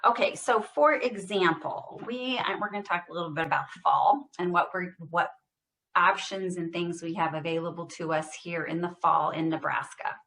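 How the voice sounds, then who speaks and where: Heard through a computer mic on a video call, this speech therapist has a lowish, gravelly voice with a steady tone. She leads a guided voice exercise class, speaking deliberately, stressing each word, and projecting loudly as she models phrases.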